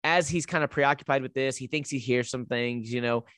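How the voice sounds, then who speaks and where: A man's voice: mid-range voice, a little fast, smooth, no echo, studio quality. Man animatedly recapping a horror film. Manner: animated storyteller, recapping plot with asides. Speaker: podcast co-host. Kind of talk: casual movie recap chat.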